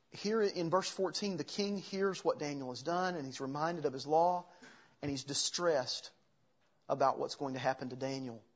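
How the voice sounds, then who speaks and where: A man's voice: a little high, husky, lo-fi sound. A man preaching a sermon, earnest, reading scripture aloud between his own explanations. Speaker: pastor.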